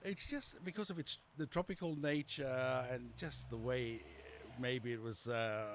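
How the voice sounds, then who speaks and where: A man's voice: mid-range voice, measured pace, a little hiss or hum. A middle-aged man with an Australian accent, a doctor being interviewed and telling his life story in a rambling way, repeating words and using many fillers. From Papua New Guinea. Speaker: general practitioner guest. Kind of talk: conversational interview.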